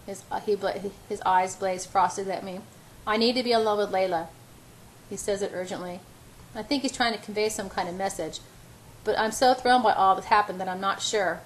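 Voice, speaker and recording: A woman's voice: medium pitch, fairly even intonation, fairly quick, low-quality recording. A woman reading a first-person novel aloud as an amateur audiobook, often stumbling and restarting words. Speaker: audiobook reader.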